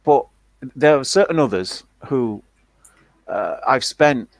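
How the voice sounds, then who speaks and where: A man in casual chat, talking haltingly with many fillers and restarts. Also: mid-range voice, expressive, vocal fry, no echo, low-quality recording.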